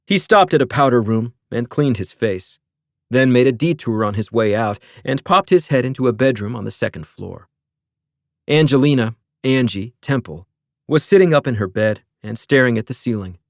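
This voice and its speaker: A man narrates a mystery novel in an even, measured voice of middle pitch. He sits close to a studio mic, and the sound is dry, with no room around it. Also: no echo. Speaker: audiobook narrator. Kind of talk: scripted narration.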